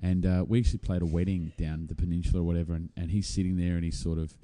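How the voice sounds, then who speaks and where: A man with a low, very dark voice chats casually about gigs. He rambles from one anecdote to the next, breaking into laughter mid-sentence. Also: level tone, very fast. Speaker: musician guest. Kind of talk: casual chat.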